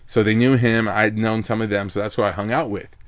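A man's voice: on the low side, level tone, a little fast, dry recording, studio quality. A man telling a long personal story in casual chat, rambling and laid-back, full of filler words.

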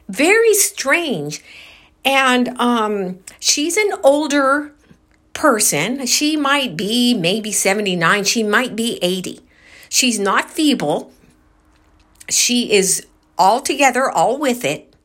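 A woman vlogger slowly retelling a strange experience in a casual monologue, with many pauses and fillers. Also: a little high, a bit bright.

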